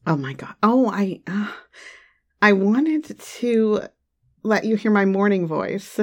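A woman's voice: medium pitch, lively intonation, takes it slowly. A woman giving a casual monthly update to her listeners, chatty and giggly, on a home microphone, with a slightly runny nose. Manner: chatty and giggly, trailing off with fillers. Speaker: adult audio creator. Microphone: studio microphone at home.

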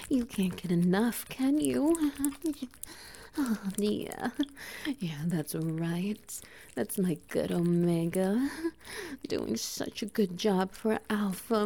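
A woman in a whispered role-play, dominant and teasing, speaking breathily with soft laughs. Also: medium pitch. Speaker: audio role-play performer.

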